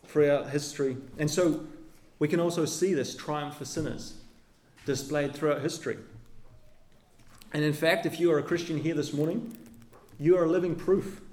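A man preaching a sermon as pastor, earnest, with his voice dropping low and soft at the ends of phrases. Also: roomy sound. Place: church.

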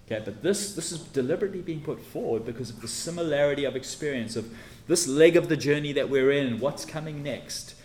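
A man's voice: a little high, fast talker, hardly any pauses, darkish tone, a little hiss or hum. A man preaching an expository sermon, teacherly and emphatic, leaning hard on key words as he sets out his points. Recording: echoey room with faint ambience.

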